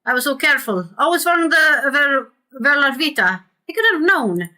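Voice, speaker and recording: A woman's voice: high voice, lively intonation, brisk, bright, forceful tone, voice pushed up, exaggerated voice. A woman voicing a desperate male merchant who begs for his life, reading his lines aloud as she plays a game. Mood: pleading. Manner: begging, frantic.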